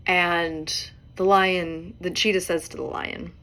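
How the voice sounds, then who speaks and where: A woman's voice: fairly low pitch, little pitch movement, slow pace, bright, forceful tone. A woman in her forties hosting a solo podcast, talking in a conversational way and often adding tag questions. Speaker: podcast host.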